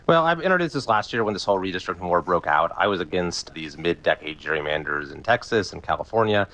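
A man answering interview questions as a congressman, making his case in a quick, assured way. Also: low voice, expressive, fairly bright tone.

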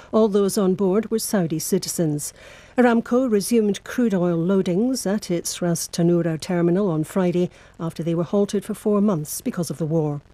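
Woman newsreader, formal and measured, low-ish mellow voice, dry studio sound. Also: dry recording. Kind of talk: scripted news bulletin.

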